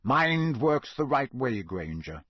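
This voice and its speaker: A man voicing a gruff, grizzled old male wizard in an audiobook, slow and growling with a husky voice. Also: medium pitch, very animated, a bit bright, dry recording, heavily acted. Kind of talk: audiobook character voice.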